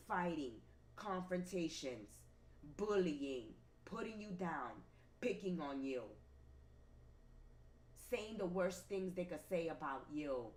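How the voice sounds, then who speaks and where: A woman reading tarot for her viewers, talking emphatically and repeating herself like a preacher. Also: fairly low pitch. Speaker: tarot reader. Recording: roomy with faint ambient noise.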